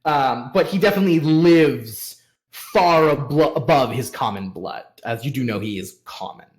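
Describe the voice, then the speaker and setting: A man's voice: mid-range voice, lively intonation, normal speed. A man acting as game master, describing the scene in a hesitant way with many fillers. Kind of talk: narrating a tabletop game.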